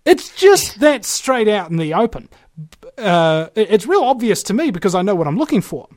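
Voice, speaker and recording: Animated New man telling jokes. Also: sits high, normal speed, dry recording, studio quality. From New Zealand. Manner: joking, animated storyteller. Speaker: guest. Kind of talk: casual conversation.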